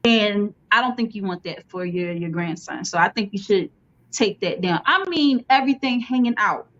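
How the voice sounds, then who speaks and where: A woman's voice: medium pitch, normal speed. A woman hosting a casual talk show, telling stories expressively. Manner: expressive storyteller. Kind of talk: casual chat. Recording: slightly dull lo-fi sound.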